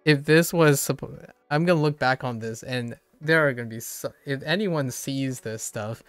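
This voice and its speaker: Young man, slight Southern twang, smooth voice, loose playful chatter with easy laughs, faint music underneath. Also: medium pitch, moderate pace, dry recording. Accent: slight Southern American. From Southern United States. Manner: playful, laughs often, rambling and musing. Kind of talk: casual chat.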